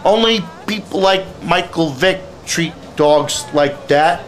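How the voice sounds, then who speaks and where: A man's voice: on the high side, slow pace. A man who is a youth speaker and life coach, giving teens blunt, lecturing advice in a direct monologue.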